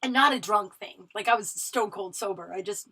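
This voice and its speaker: A woman's voice: medium pitch, normal speed, pushed and bright, husky, poor audio. A woman in her thirties from Colorado hosting her own podcast, talking casually and emphatically, swearing often and restarting her sentences. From Colorado, USA. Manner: profane, emphatic, with frequent fillers and restarts. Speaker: podcast host. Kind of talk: casual solo podcast monologue.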